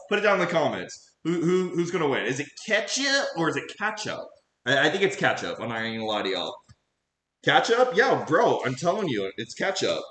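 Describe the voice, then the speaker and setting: A man's voice: fairly high pitch, sharp tone, echoey room. A man chatting casually with his live chat while cooking at home, goofy and laughing often. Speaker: cooking streamer. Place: home kitchen.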